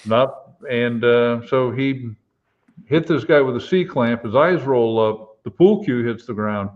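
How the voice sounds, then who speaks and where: A man tells an old police story at an unhurried pace, stopping often to gather his words. The audio is dull and lo-fi, like a live stream. His pitch sits at an ordinary middle level for a man. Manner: slow, halting anecdote with many fillers. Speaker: retired police officer, co-host.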